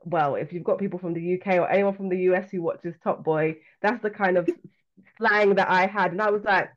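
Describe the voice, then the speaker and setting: A woman with a London accent, an author and coach speaking as a guest in a podcast interview, talking in a reflective, earnest and measured way. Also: on the low side, fairly even intonation. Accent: London English. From London, England. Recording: slightly dull lo-fi sound.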